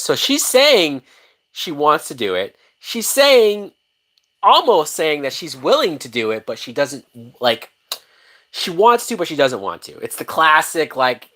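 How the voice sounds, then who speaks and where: An excitable man talks through a film as it plays, swearing freely and breaking into laughter. He jumps between thoughts and restarts his sentences, in loose, chatty commentary. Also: fairly high pitch, unhurried. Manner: animated, profane, laughs often, many restarts. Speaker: movie reaction host. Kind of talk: casual live-watch movie commentary.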